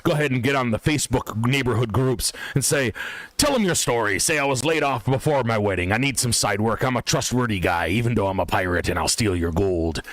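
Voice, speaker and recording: A man voicing a gruff, swaggering male pirate who gives a bossy pep talk full of growled "arr"s. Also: mid-range voice, fairly quick, fairly bright tone, no room sound, natural voice.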